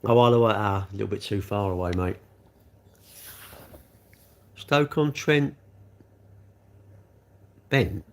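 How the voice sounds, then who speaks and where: Gravelly, rambling man chatting to viewers. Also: fairly low pitch, fairly even intonation, very fast, few pauses, darkish tone, slight background noise. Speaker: livestream host. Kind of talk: casual livestream chat reading viewer comments.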